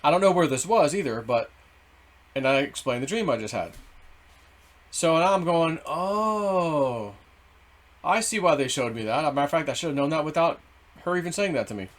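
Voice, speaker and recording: Excitable guy rambling thru a story, bleeps his own swears, kinda high voice. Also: fast talker. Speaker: vlogger. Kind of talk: casual storytelling.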